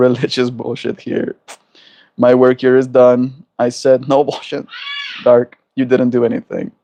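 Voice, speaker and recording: A man hosting a daily livestream, chatting casually and warmly greeting viewers by name in a laid-back, upbeat way. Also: medium pitch, dull audio. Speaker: livestream host.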